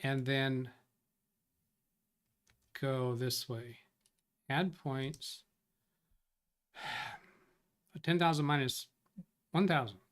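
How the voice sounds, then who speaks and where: With a medium-pitched, steady voice, drawn-out words, and frequent pauses, a man runs a tech support live stream. He chats casually, thinking aloud over viewer comments he reads out, rambling and self-correcting.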